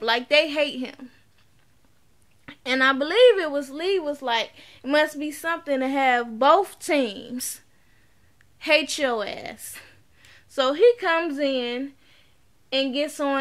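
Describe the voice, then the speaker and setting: A woman casually retelling a TV episode in an animated, slangy way, acting out what the characters said. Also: high-pitched. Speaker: TV show reviewer.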